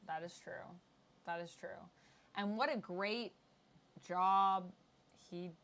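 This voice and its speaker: A woman's voice: on the low side, steady tone, slow pace, fairly bright tone. A woman hosting a casual chat, chatty and laughing often. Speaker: podcast host.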